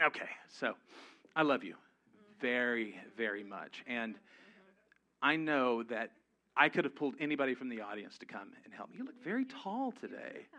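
A pastor preaches a sermon before a live congregation in church, keeping it conversational and humorous and building to emphatic peaks. His voice is medium-pitched with a sharp tone, and he speaks at a normal speed.

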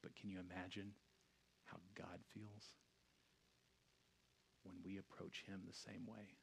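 A man in his thirties, a pastor giving a casual, conversational sermon that swings from hushed reflection to loud storytelling. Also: deep voice, little pitch movement, a little slow, gravelly, slight background noise.

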